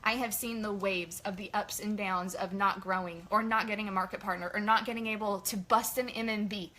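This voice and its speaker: A woman leading a casual motivational team training, chatty and energetic in her pep talk. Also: medium pitch, fairly quick. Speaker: sales team leader.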